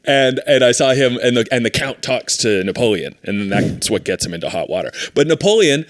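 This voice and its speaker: In an apartment podcast setup, a man co-hosts a comedy show, bantering casually and playfully with his roommate. His voice is sing-song and a bit fast, riffing into high, silly voices, and the recording is dry and studio quality.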